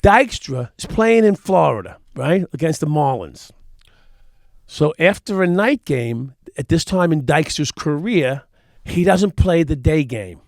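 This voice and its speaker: Middle-aged New man, gravelly, crude animated raconteur, dry close mic. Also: a little high, unhurried, no room sound. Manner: profane, animated storyteller acting out quotes. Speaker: podcast host. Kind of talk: casual storytelling chat.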